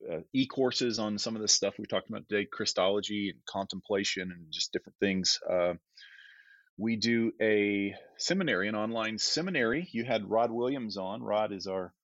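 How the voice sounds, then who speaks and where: Low-voiced man, rambling and relaxed. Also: normal speed, no echo. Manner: relaxed, rambling, many fillers and restarts. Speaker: guest theologian. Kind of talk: casual podcast conversation. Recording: dull, slightly lo-fi dry audio.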